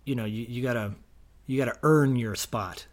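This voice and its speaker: A man's voice: medium pitch, normal speed. A middle-aged man co-hosting a podcast in casual chat, enthusiastic and rambling, laughing easily. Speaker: podcast co-host.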